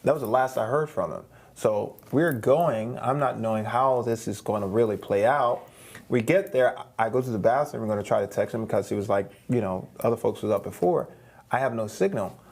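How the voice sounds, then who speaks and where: A man's voice: medium pitch, fairly quick, gravelly. A man, a guest singer, telling a long story in a studio interview, rambling, with many restarts and repeated words. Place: streaming studio.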